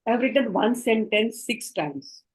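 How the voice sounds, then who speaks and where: A woman's voice: fairly high pitch, animated, unhurried, breathy edge, rough recording. A woman with an Indian English accent giving an online training lecture to doctors, explaining points earnestly and speaking directly to her trainees over a video call.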